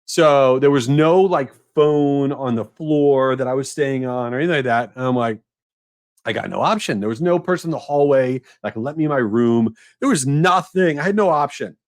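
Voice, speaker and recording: A middle-aged man hosting a podcast, telling an embarrassing story in a casual, animated, self-mocking way. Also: moderate pace. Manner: animated, self-mocking, rising to a high squeal at punchlines. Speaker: podcast host.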